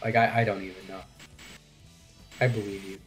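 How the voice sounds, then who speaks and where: A low-pitched man calls a live speedrun match over soft music. He rambles and thinks aloud, often turning to his co-host for a nod. It sounds like a headset mic on a live stream. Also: little pitch movement, normal speed. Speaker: commentator.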